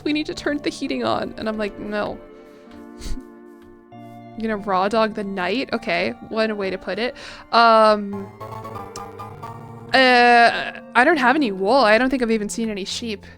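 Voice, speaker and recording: A woman's voice: fairly high pitch, fairly even intonation, moderate pace, fairly bright tone, faint music behind. A young American woman chatting casually on a game stream, reading chat aloud with a chatty, self-deprecating manner. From United States. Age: young adult. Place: home room.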